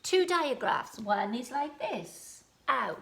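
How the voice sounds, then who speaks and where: A woman with a Welsh accent, a primary school teacher giving a home-learning phonics lesson, sounding out letters slowly and encouragingly. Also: high voice, big pitch swings, gravelly, a bit bright.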